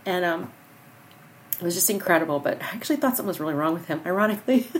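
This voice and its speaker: A woman's voice: mid-range voice, lively intonation, racing, a little hiss or hum. A middle-aged woman hosting a podcast, talking earnestly and encouragingly in a rambling personal monologue. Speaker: podcast host.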